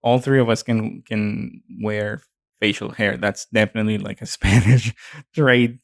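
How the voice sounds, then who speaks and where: A man's voice: fairly low pitch, fairly even intonation, measured pace, creaky, dry recording, clean studio sound. A young adult man from Mexico with a Mexican accent, co-hosting a podcast in a chatty way with many fillers. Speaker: podcast co-host. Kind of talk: casual chat.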